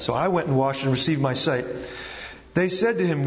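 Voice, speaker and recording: A male pastor preaching a casual, conversational sermon, his voice a bit higher than most men's. He often stumbles and restarts his sentences. The sound is dull and lo-fi, with a long ringing echo from a church hall. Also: lively intonation, normal speed. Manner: conversational, with frequent restarts and fillers.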